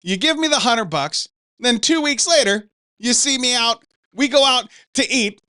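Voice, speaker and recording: A man's voice: extremely high pitch, moderate pace, no room sound, clean studio sound. A man hosting a podcast, swearing freely as he tells stories in casual banter. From Pacific Northwest. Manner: profane, animated storytelling. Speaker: podcast host.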